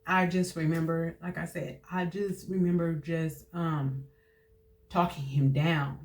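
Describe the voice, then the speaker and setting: A young woman speaks in a personal testimony monologue. She talks haltingly, with frequent fillers and restarts. Her emotion shows as her voice drops at times. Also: sits low, little pitch movement, darkish tone. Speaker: host sharing personal testimony.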